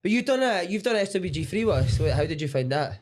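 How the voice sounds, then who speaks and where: A man, a podcast guest, telling stories in lively, sweary casual chat. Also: sits high, fast talker.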